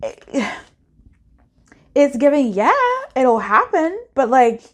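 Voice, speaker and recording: A woman talks through a casual pick-a-card tarot reading. Her voice sits a little high and moves a lot in pitch. She is playful and slangy and breaks into laughter often. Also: lively intonation, slow pace.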